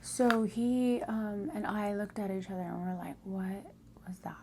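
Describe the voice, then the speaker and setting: A woman telling a personal story in a casual storytelling style, often dropping to a hushed whisper for suspense. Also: medium pitch, normal speed, slight background noise. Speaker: storytime vlogger.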